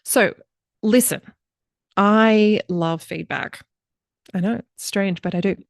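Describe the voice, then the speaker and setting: A woman's voice: mid-range voice, slow, gravelly, dry recording, clean studio sound. A woman hosting a podcast, introducing her guest in a chatty, enthusiastic way. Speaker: podcast host.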